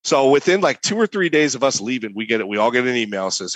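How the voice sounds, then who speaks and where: Animated man telling a cooking story. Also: medium pitch, fast, few pauses, dry recording. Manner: animated, acts out voices. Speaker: competition barbecue cook. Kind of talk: casual storytelling.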